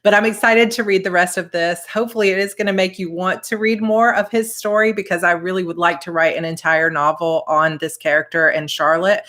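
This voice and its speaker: A woman's voice: on the low side, steady tone, a little fast, few pauses, fairly bright tone. A woman in her thirties with a Georgia Southern accent, chatting casually and effusively with viewers on her live stream as an author. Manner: chatty and effusive, reads viewer comments aloud.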